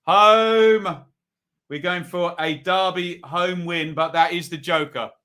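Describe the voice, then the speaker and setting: A man's voice: fairly high pitch, steady tone, normal speed, sharp tone. A man hosting a live football preview, chatting and reading out viewer predictions. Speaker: football podcast host.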